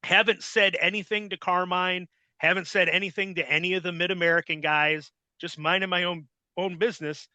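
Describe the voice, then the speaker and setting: Bright-voiced, profane male podcast host. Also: high-pitched, fairly even intonation, brisk, hardly any pauses, no room sound. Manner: blunt and heavily profane. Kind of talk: casual interview storytelling.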